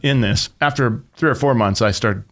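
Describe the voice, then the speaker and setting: A man's voice: medium pitch, normal speed, fairly bright tone. A middle-aged man telling his personal testimony as an interview guest, in a plain, conversational storytelling way.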